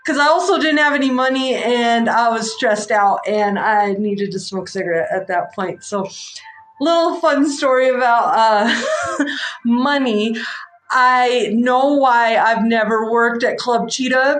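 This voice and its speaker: A woman in her forties, a psychic livestream host, telling a story in a frank, rambling, animated way with slang. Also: on the high side, a little slow. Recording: echoey room.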